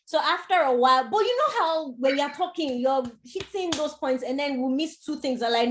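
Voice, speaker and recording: A woman hosting an online event over a video call, lively and coaxing. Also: high voice, moderate pace, hardly any pauses, a little hiss or hum. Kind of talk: casual video call moderating.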